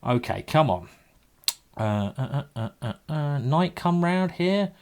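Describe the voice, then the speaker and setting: A man's voice: fairly high pitch, lively intonation, a little slow, a little mellow. A man with a British accent giving casual, joking commentary on his own chess games during a live stream, thinking aloud and often repeating himself.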